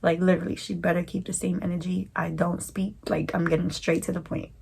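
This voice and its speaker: New woman doing a storytime vlog, low husky voice, lots of slang. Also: flat delivery, brisk, a little mellow. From New York. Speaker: vlogger.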